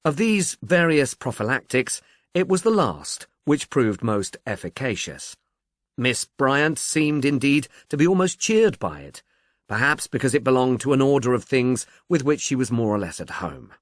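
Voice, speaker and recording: A man's voice: medium pitch, sing-song, moderate pace, dry recording. Guy narrating a book, wry, voice moves around a lot, dead dry room. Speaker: audiobook narrator. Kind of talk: scripted narration.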